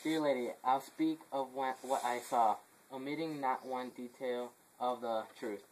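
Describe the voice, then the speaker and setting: A man's voice: mid-range voice, fairly even intonation, measured pace, a little hiss or hum, close to an everyday voice, low-quality recording. A man playing a messenger in an amateur play, reading his long report with stumbles, restarts and stifled laughs. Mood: grim. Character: messenger reporting deaths to the royal house.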